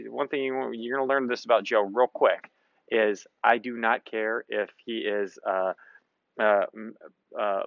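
A man's voice: medium pitch, creaky, fairly bright tone, no echo. Man talking through a workout, dull sound. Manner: loose and conversational, lots of fillers. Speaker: fitness coach. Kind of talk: casual coaching commentary over a workout.

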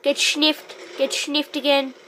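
A woman talks over her own gameplay with a high, bright, sharp voice, speaking slowly between sudden loud outbursts. A faint hiss sits under her voice, recorded on a phone. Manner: excitable, bursts into loud exclamations. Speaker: gameplay commentator. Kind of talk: live gameplay commentary.

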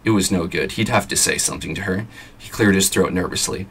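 Low, husky man reading a story aloud. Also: brisk, fairly bright tone. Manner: plain reading pace, chatty asides. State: scratchy throat. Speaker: vlogger reading an audiobook. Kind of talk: reading a novel aloud with casual asides.

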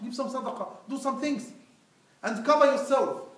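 High-voiced preacher in an echoey mosque. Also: male voice, normal speed. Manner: earnest, pleading, addresses listeners as brother. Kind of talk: Friday sermon. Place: mosque prayer hall. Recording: echoey hall, mic far off.

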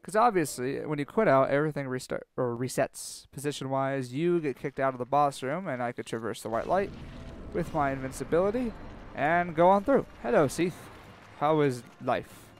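A young man commentating his own gameplay, sarcastic and self-mocking, swearing freely and panicking out loud when things go wrong. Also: mid-range voice, lively intonation, brisk. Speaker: let's play commentator.

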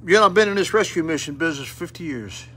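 A man's voice: on the high side, expressive, quick pace, pushed and bright, a little hiss or hum. An older man preaching a sermon at a rescue mission, plain-spoken and folksy with fervent appeals, in an auditorium.

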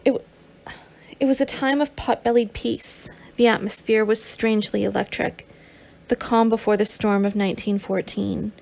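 A woman's voice: mid-range voice, steady tone, normal speed, creaky, darkish tone. A woman narrating a memoir as an audiobook, with occasional stumbles and restarts.

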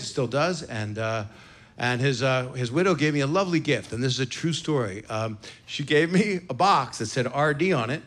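In a noisy live recording from a comedy club, a sixty-something comic with a medium-pitched, slightly bright voice delivers brash, profane stand-up into a stage mic, ribbing the audience between stories.

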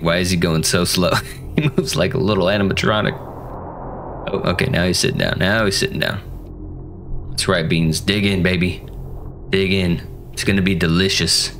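A man with a fairly low voice commentates a horror game in a playful, joking way. He keeps chatting to the characters on screen. Faint music plays underneath. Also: fairly bright tone. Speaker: gaming channel host.

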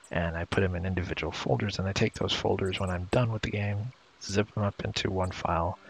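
Low gravelly man doing game commentary. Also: a bit bright, slight background noise. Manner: casual, jokingly paraphrases dialogue. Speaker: let's play commentator. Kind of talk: casual gameplay commentary. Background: game music.

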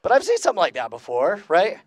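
A man delivers an energetic, comedic skeptic lecture in a large convention room to roughly two hundred people, laughing at his own jokes and polling them. His high voice swoops wildly in pitch at a quick pace, with no echo.

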